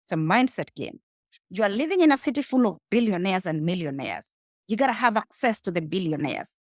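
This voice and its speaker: A woman's voice: medium pitch, big pitch swings, a little fast, no room sound, studio quality. A woman with a Kenyan accent, a guest speaking emphatically in a casual interview and addressing the listener directly. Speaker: guest, rideshare entrepreneur.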